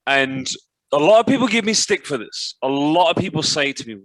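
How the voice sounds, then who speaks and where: Brief: punchy commentator-type guy, bright tone, cuts in a lot. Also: on the high side, brisk, no room sound. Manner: excitable, cuts in, swears. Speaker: podcast co-host and basketball commentator. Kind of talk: casual chat.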